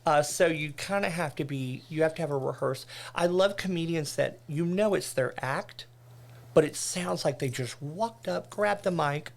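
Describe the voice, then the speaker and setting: A man's voice: a little high, normal speed, vocal fry. A man who performs in drag and does comedy, a podcast guest talking casually in loose, searching phrases with frequent restarts. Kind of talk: casual interview conversation.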